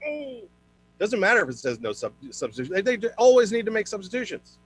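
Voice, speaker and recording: Animated man doing stand-up comedy. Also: fast talker, slightly rough. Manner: animated, jumps into high put-on voices for characters. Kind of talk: virtual stand-up set. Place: home, online comedy show.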